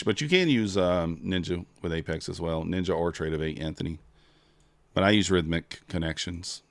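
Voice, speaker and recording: A man with a somewhat low voice hosts a casual livestream, talking straight to his viewers and answering their comments. The sound is dry and close. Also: gravelly, no echo. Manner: chatty, answers viewer chat, hurried giveaway countdown. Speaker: livestream trading host.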